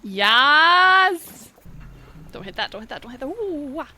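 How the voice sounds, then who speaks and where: A young woman chatting casually through a video game, thinking aloud, reacting with quick startled remarks, and reading the game's text aloud. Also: high voice, sing-song, husky. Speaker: gaming channel host.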